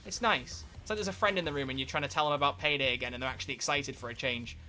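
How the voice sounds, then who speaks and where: A man giving live, excitable gameplay commentary as a streamer, swearing and bursting into shouts. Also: medium pitch, very fast. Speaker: game streamer.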